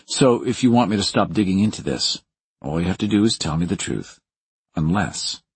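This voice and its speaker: Menacing, clipped heavy, low and husky, a male narrator doing him. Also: expressive, moderate pace, no room sound, exaggerated voice. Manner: low, harsh, through gritted teeth. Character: cornered middle-aged man, menacing and smug. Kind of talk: audiobook character voice.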